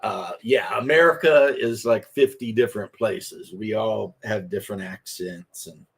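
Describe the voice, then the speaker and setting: A man's voice: on the low side, unhurried, vocal fry. A man in his fifties from Kentucky, hosting a casual chat while crafting and telling rambling anecdotes.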